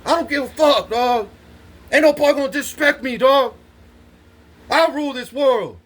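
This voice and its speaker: A man's voice: very high voice, normal speed, a bit bright. A man telling rambling stories in a boastful way, swearing constantly and laughing between lines. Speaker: vlogger. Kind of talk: rambling profane storytelling.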